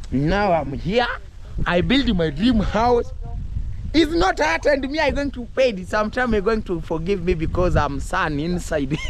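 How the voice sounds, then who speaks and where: A man with a Kenyan accent vlogging outdoors in a village, talking excitedly and rambling, mixing English and Swahili and laughing often. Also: very high-pitched, slight background noise. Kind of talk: casual vlog talk to camera.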